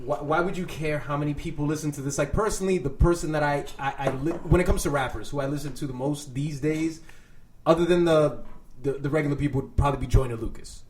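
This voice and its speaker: A man's voice: on the high side, fast, a little mellow, slight background noise. A man hosting a podcast, talking casually and reasoning aloud in a thoughtful way. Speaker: podcast host.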